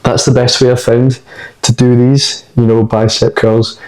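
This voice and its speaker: A man's voice: mid-range voice, a little slow, poor audio. Breathless man in a gym. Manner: relaxed, coaching tips between sets. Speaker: fitness vlogger. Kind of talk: casual gym vlog talk. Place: gym, indoors.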